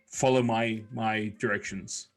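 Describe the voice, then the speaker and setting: A man voicing God in a told joke, with slow, low, measured commands. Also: steady tone. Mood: solemn. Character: calm male God voice in a joke.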